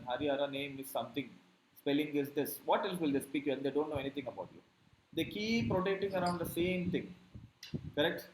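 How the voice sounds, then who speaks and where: A man gives a classroom lecture on digital marketing, often stopping to ask "correct?" before moving on. His voice sits somewhat high for a man. The room is echoey, with a faint noise underneath. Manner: explains with rhetorical questions, many "correct?" and "see".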